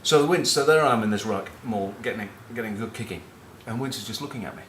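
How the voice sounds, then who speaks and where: Rambling northern English former rugby captain. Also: male voice, on the low side, fast, fairly bright tone, reverberant, a little hiss or hum. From northern England. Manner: rambling, cheeky, swears freely. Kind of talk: casual rugby chat with anecdotes.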